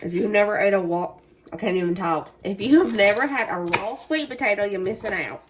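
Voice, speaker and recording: A woman speaking with a Southern US accent cooks in her home kitchen and talks folksily to her audience in a casual vlog. She has a mid-range voice and talks a little fast over a noisy background.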